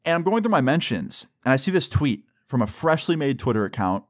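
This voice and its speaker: A man's voice: medium pitch, big pitch swings, brisk. A young man with a mid-range voice tells a story from his own life in a loose, chatty way. He swears freely and keeps checking in with the listener with "right?" and "like". It sounds like a casual storytime monologue. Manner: loose and profane, with frequent "like" and "right?" tag questions.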